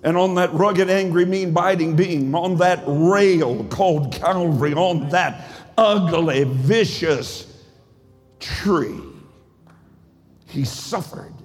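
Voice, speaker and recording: High-voiced preacher shouting in a reverberant hall. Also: male voice, slow pace. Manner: rhythmic preaching, swells to shouts. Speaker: pastor. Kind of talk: sermon. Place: church sanctuary.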